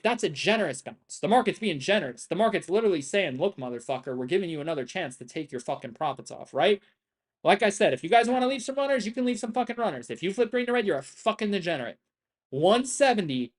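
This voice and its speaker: A man commentating his live trading stream, lecturing viewers in a blunt, profane, intense way with lots of repetition. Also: high voice. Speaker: day-trading livestreamer.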